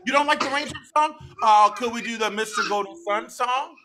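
A woman's voice: fairly high pitch, a little fast, background noise. A woman leading an interactive children's storytime in a library, in a sing-song call-and-response manner that coaxes the children to join in. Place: public library storytime room.

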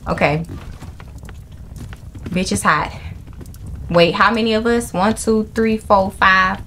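A young woman commentating her horror gameplay, excitable and profane, with jumpy reactions. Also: medium pitch, takes it slowly, a little hiss or hum. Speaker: gaming channel host. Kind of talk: live horror game commentary.

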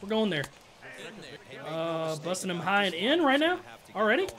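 A man giving casual, slangy commentary over his own gameplay, excitable and trash-talking, with loud outbursts. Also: sits high, normal speed. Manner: slangy, keeps saying bro and dog. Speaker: gaming YouTuber.

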